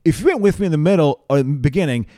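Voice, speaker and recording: Comedian guy chatting, lively up-and-down voice, dry close sound. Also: a little high, rapid-fire, no echo. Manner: animated, laughs often. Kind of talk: casual chat.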